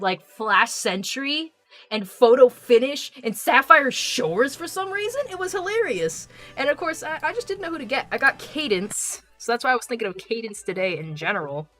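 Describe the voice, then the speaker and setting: A young adult woman streamer chatting casually and reading out viewer comments, rambling, excitable and quick to swear. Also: mid-range voice. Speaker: live streamer.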